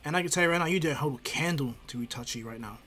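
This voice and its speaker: Man voicing a hot-headed teen ninja boy, bossy, scolding, lecturing, slightly high voice. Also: bright, forceful tone, faint music behind. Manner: bossy, lecturing, quick-tempered.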